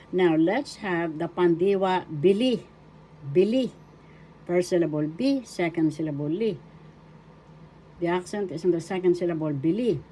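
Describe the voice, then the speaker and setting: Woman teacher with a lowish voice, deliberate and syllable-by-syllable. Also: dark tone, a little hiss or hum. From Philippines. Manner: slow, deliberate, spells out words syllable by syllable. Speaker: language teacher. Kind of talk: recorded language lesson.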